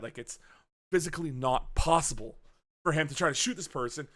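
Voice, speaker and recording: A man co-hosting a podcast, chatting casually about a movie, swearing often and acting out scenes in quick put-on voices. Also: a little high, animated, a bit bright. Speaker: podcast co-host. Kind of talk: casual movie review chat.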